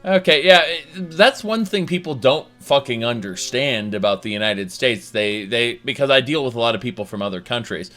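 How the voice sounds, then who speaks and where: A man with a bright, forceful voice rambles through a casual game chat, full of ums and offhand curses. Faint music sits under his talk. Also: mid-range voice, normal speed, hardly any pauses. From Colorado. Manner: rambling, swears casually, many fillers. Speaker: stream host.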